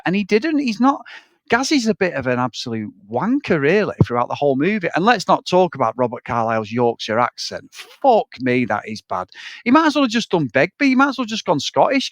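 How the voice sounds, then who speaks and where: A man's voice: sits high, brisk, no echo. A man chatting casually about a film as a podcast co-host, swearing a lot and acting out scenes. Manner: animated, sweary, acts out scenes in quoted voices. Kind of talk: casual film review chat.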